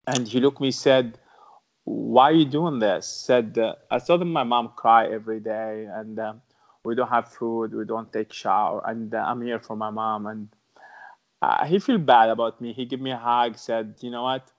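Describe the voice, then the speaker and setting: A man's voice: medium pitch, normal speed. A man with an Arabic accent and broken English telling his own story as a podcast guest, earnest and repeating phrases for emphasis. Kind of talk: interview storytelling. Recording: dull lo-fi sound.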